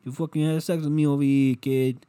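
A man's voice: fairly high pitch, flat delivery, fairly quick, warm tone, clear, resonant tone, no echo, pitched above the performer's own voice, close to an everyday voice. A man voicing a brash young woman with a Boston accent who talks crudely, like a sailor. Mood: pushy.

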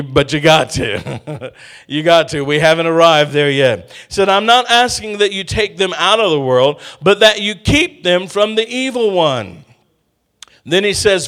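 A middle-aged man preaching a sermon, calling out to the congregation and drawing responses. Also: fairly high pitch. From Texas. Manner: lively, call-and-response with congregation.

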